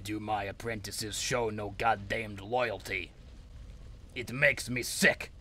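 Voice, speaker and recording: A man's voice: fairly low pitch, fairly even intonation, takes it slowly, sharp tone, dry recording. A man giving angry, profane let's play commentary, ranting at the game. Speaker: gamer.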